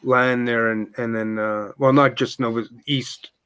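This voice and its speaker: A man from Canada talks on a video call in a halting way, restarting often and laughing softly. His voice sits in a middle range, and the sound is dry and close. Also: mid-range voice, fairly even intonation, clean tone, no echo. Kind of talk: casual chat.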